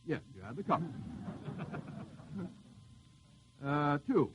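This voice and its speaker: A man's voice: on the high side, sing-song, very slow, pauses often, fairly bright tone, a little hiss or hum, rough recording. Wisecracking radio quiz host, man. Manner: wisecracking, teasing the panel. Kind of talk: live radio quiz hosting.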